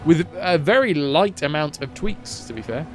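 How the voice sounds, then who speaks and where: A man's voice: fairly high pitch, expressive, normal speed, faint music behind. A man streaming a game, chatting casually in a rambling, jokey way that keeps breaking off and restarting. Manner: rambling, jokey, self-interrupting. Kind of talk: casual gameplay commentary.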